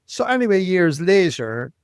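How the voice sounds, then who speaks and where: A man, telling life stories as a podcast guest, animated and repeating words, often tagging lines with "right?". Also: sits high, normal speed, clean tone, no echo, studio quality. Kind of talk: storytelling interview.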